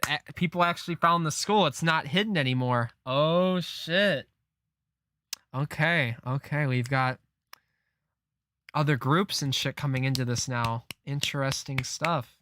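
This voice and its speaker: A man reading a comic aloud on a live stream, reacting with disbelief and frequent swearing as he thinks out loud. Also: on the high side, takes it slowly, slight background noise.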